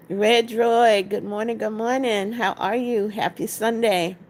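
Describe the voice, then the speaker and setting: A woman hosts a casual livestream. Her voice sits a little high. She greets each viewer by name, reads comments out and keeps urging people to tap likes. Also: steady tone, measured pace, darkish tone. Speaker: livestream host.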